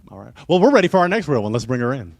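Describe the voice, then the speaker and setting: Animated sing-song male game-show host. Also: medium pitch, racing, vocal fry. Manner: animated, sing-song hype with playful asides. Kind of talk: hyped dating-show hosting.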